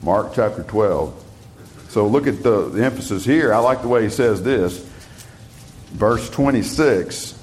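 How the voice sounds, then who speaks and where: A man preaching a Bible study sermon. He reads scripture slowly and with emphasis, then explains it in plain talk. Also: lowish voice, animated, darkish tone.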